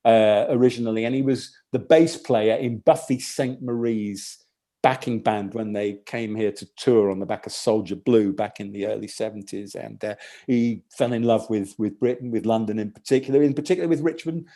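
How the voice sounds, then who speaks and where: A man doing a rambling stand-up set, telling a long story in a halting, deadpan way full of restarts. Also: lowish voice. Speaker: stand-up comedian.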